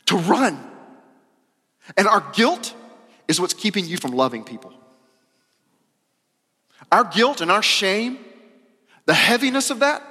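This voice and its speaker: A man preaching a sermon as pastor, emphatic and casual, repeating phrases and moving between loud and soft. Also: high-pitched, big pitch swings, takes it slowly, long pauses, breathy edge. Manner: casual, uses "y'all" and slang. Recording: long hall reverb.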